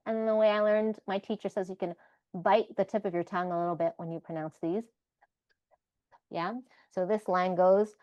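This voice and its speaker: A woman's voice: mid-range voice, steady tone, moderate pace, smooth, dry recording, highs cut off. A woman leading an online language class, patiently demonstrating pronunciation sound by sound. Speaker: Sanskrit class leader. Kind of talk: online group lesson. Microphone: video call.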